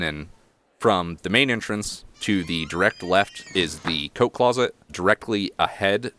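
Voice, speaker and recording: Deep-voiced man running a tabletop game. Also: smooth. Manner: relaxed, descriptive, casual. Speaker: game master.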